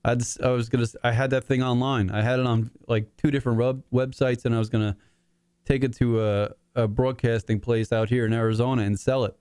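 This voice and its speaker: A man in his forties hosts his own talk show from his apartment, giving an emotional, casual monologue, rambling and swearing while choked up near tears. His mid-range voice is steady, a little fast, mellow, clear and resonant, in clean studio sound with no echo.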